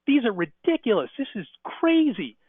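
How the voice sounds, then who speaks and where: A man doing a gruff, blustering plumber, a middle-aged business owner who barks in a brusque, threatening way, his voice jumping well above the speaker's usual pitch. It comes through a dry, tinny phone-like line. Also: big pitch swings, normal speed, dry recording, heavily acted. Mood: scoffing. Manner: brusque, threatening then suddenly friendly.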